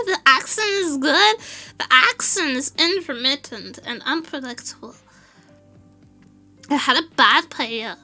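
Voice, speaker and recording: Lively high-pitched Portuguese woman streamer. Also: slow pace, pauses often, soft background music. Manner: animated storytelling, laughs often, swears. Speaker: VTuber streamer. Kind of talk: casual chat with stream viewers.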